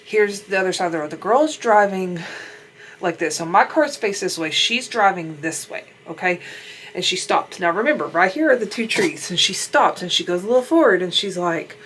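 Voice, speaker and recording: Young woman, gossipy get-ready-with-me chatter, low voice, faint room hum. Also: expressive, normal speed, fairly bright tone. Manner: chatty, rambling, laughs often, swears casually. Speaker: beauty vlogger. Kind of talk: casual storytelling while doing makeup.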